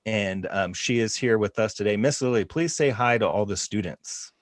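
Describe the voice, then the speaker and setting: On a dry recording, a school counselor hosting the school podcast jokes with guests and addresses students in upbeat, casual chat. His voice sits fairly low and moves at a moderate pace.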